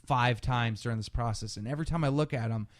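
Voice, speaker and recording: A man on a podcast, one of its co-hosts, talks fast in a medium-pitched voice. He spins a story in a casual, profane, animated style, acting out people's quotes.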